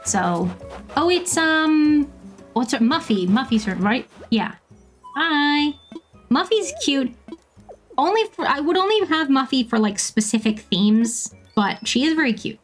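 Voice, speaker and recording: A woman's voice: high-pitched, lively intonation, a little slow, soft background music. Chatty woman streamer, laughing a lot. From Bermuda. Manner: chatty, laughs often, lots of ums. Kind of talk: casual chat while playing a game.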